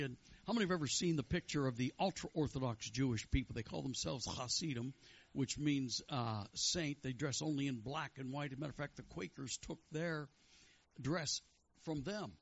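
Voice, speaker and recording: A fervent male preacher with a gravelly, slightly husky voice, chanting praise and calling out to the congregation. The sound is dull and lo-fi. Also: mid-range voice. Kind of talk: sermon with prophetic words.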